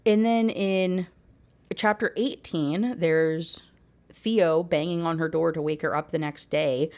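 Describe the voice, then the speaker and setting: A woman's voice: sits low, steady tone, slow, darkish tone. A woman giving a candid, exasperated rant review of a book, peppering her talk with "like" as she vents. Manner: exasperated, candid, heavy use of 'like'.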